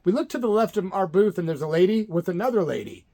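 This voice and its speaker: A middle-aged man from Illinois hosts his own channel, telling a story to camera in a laid-back, jokey way. His voice is high and mellow with vocal fry, big pitch swings and a quick pace.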